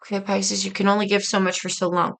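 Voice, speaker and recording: A woman's voice: mid-range voice, level tone, quick pace, vocal fry, a bit bright, low-quality recording. A woman reading tarot cards for her viewers in a casual, earnest, reflective way, speaking straight to them. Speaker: tarot reader.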